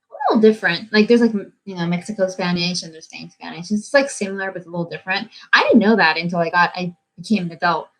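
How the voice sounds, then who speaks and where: A woman's voice: mid-range voice, low-quality recording. A young woman from the United States with an American accent, hosting a casual livestream and switching between English and Japanese in a bubbly way. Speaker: livestream host.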